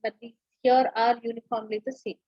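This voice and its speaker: Woman lecturing with a husky voice. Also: fairly high pitch, level tone, brisk, no echo, dull audio. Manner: explanatory, with frequent fillers and restarts. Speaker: teacher. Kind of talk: online lecture.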